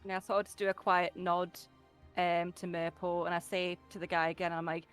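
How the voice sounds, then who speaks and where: A woman's voice: lowish voice, flat delivery, brisk. A woman playing in a tabletop game, casual and chatty, peppering her speech with fillers, over background music. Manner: casual, chatty, says "like" a lot. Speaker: player.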